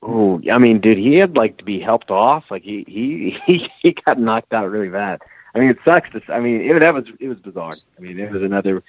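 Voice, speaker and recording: A man's voice: lowish voice, expressive, fairly quick, no room sound, narrow, tinny audio. A man co-hosting a casual podcast chat, rambling with lots of fillers. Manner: rambling, many fillers and restarts. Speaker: podcast co-host.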